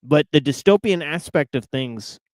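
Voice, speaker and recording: A man's voice: fairly high pitch, lively intonation, normal speed, a little mellow, no echo. A man hosting a podcast in casual chat, hesitant and full of fillers, sounding incredulous. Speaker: podcast host.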